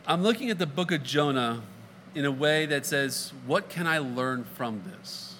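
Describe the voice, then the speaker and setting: Bright-voiced man preaching a sermon. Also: a little high, expressive, a little slow, slight background noise. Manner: conversational, jokey asides, acts out dialogue. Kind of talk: sermon with scripture reading.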